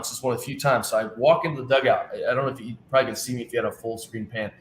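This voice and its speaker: A man telling stories about his job in a relaxed interview, slipping into the voices of the people he quotes. His voice sits at a middle pitch and carries a roomy echo. A faint hum of ambience runs underneath. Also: racing. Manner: animated anecdotes, acting out quoted dialogue. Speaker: team travel director, guest. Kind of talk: casual storytelling interview. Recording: echoey room with faint ambience.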